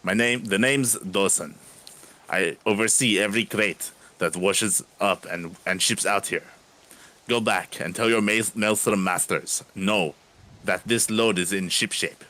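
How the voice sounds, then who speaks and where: A man's voice: lowish voice, a little slow, sharp tone. A man reading game dialogue aloud as a brusque male dock overseer, in his own plain voice.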